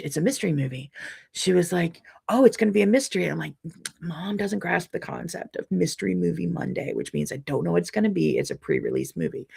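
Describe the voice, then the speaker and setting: A woman's voice: on the low side, vocal fry, husky. A middle-aged woman hosting a casual live stream, chatting in a rambling way with frequent ums and restarts while reading viewer comments. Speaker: quilting channel host reading live comments.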